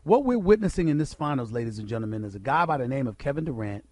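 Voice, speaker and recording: A man's voice: medium pitch, sing-song, fast talker, darkish tone, dry recording. A man hosting a sports radio show, delivering an emphatic monologue full of rhetorical questions aimed straight at his listeners. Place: radio studio.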